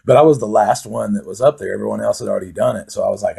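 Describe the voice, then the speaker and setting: Gravelly man, very husky voice, rambling profane storytelling, laid-back comic monologue. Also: lowish voice, moderate pace, long pauses, warm tone. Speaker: comedian telling stories.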